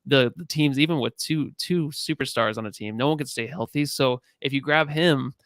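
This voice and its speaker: Smooth-voiced man in casual sports talk. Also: mid-range voice, normal speed, no echo, studio quality. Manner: relaxed, thinks aloud with fillers. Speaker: podcast co-host.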